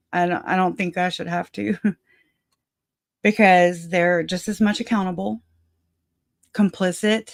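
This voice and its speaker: Woman, livestream host, slow, out of breath, laughs often, dry sound. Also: mid-range voice, vocal fry, no room sound. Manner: chatty, laughs often, trails off and restarts. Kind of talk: casual livestream commentary.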